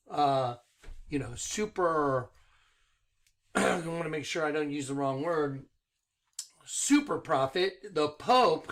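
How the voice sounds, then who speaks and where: A middle-aged man with a high voice preaches into the camera in an excited monologue. He talks insistently, firing rhetorical questions and hammering the same points again and again. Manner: insistent, rhetorical, repeats himself. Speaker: online preacher.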